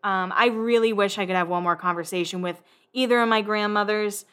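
A woman with a bright, forward voice chats casually as a show host, swearing freely and breaking into laughs. She keeps a loose, conversational recap going. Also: mid-range voice, fairly quick, clear, resonant tone.

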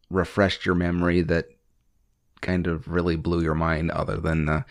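A man in casual fan chat as a podcast co-host, asking questions and cracking dry jokes. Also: deep voice. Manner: dry joking interviewer, asks questions.

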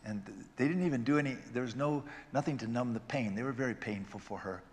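A man pastor preaching a sermon, swinging from loud exclamations to hushed storytelling. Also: medium pitch, fast talker, in a large hall.

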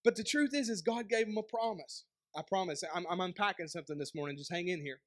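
A young pastor with a Southern East Tennessee accent and a strikingly high voice for a man. He preaches in a conversational way, tossing out rhetorical questions and quick joking asides to the congregation. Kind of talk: sermon.

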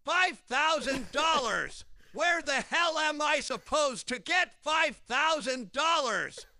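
A man playing a hot-tempered, bossy dad in a comedy sketch, yelling and insulting his son. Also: extremely high pitch, expressive, takes it slowly, no room sound, studio quality, exaggerated voice. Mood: angry. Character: hot-tempered loud middle-aged dad.

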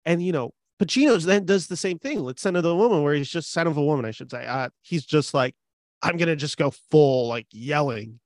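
Young male co-host, excitable rambler, slightly high voice, dry mic. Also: fast, few pauses, no echo. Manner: animated, rambling, many fillers. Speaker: film podcast co-host. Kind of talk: casual film discussion.

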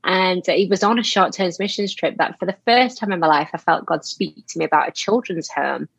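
A woman's voice: fairly low pitch, brisk, gravelly, slightly rough, dry recording, low-quality recording. A woman from Yorkshire with a strong Yorkshire accent, a podcast guest telling her story in an earnest, self-deprecating way with frequent ums. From Yorkshire, England. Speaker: guest, author. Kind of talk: conversational storytelling.

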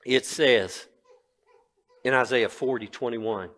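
A man's voice: medium pitch, normal speed, a bit bright. A man in his sixties preaching a sermon, telling a personal story with animation and then reading scripture earnestly. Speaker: pastor.

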